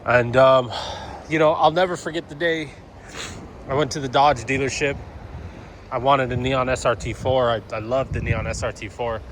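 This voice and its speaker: A man's voice: medium pitch, fairly even intonation, moderate pace, a little hiss or hum. A man in his thirties talking casually for a vlog, rambling with lots of fillers and swearing. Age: 30s. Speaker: car vlogger.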